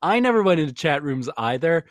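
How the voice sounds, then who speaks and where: A man's voice: on the high side, sing-song, fairly quick, dry recording. A man guesting on a podcast who tells rambling, self-deprecating stories. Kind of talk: casual podcast chat.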